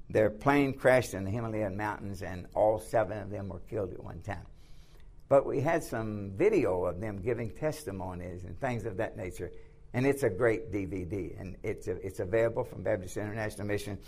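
A man's voice: on the low side, a little mellow. A man teaching a class on church missions from slides. He uses many fillers and restarts, repeats his points for emphasis and keeps checking in with "okay?". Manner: repetitive, filler-heavy, restarts often. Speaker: missions instructor.

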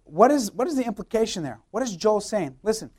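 A man's voice: sits high, expressive, a little fast, darkish tone, husky. A young man, a youth pastor, preaching a sermon with emphatic repeated phrases and rhetorical questions.

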